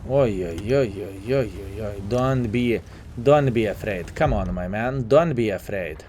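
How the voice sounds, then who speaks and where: A man's voice: lowish voice, unhurried, a little mellow, a little hiss or hum. A man with a Lithuanian accent, a native Lithuanian speaker, giving chatty live gameplay commentary and calling his viewers "fellas", a bit sleepy. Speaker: gaming commentator.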